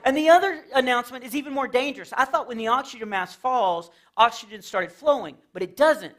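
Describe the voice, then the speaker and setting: A man's voice: very high voice, fairly quick, a bit bright. A man from Texas doing a chatty stand-up comedy set for a church audience, jumping into silly voices for his jokes. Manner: playful, chatty, jumps into silly character voices. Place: church fellowship hall with a live audience.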